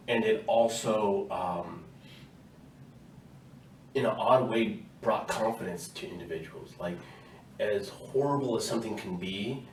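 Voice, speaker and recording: A man talking as the guest in a casual podcast interview, telling lively stories from basic training and laughing often. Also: lowish voice, roomy sound, recorded from a distance, a little hiss or hum, low-quality recording. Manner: animated storyteller, laughs often. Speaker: guest, army veteran.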